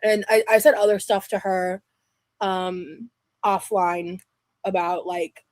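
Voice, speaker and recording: A woman's voice: mid-range voice, flat delivery, darkish tone. A young woman talks casually on her live stream, rambling and restarting her sentences. Her voice sits in a middle range. The sound is close and dry, with no room echo. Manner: rambling, halting, with many restarts and fillers.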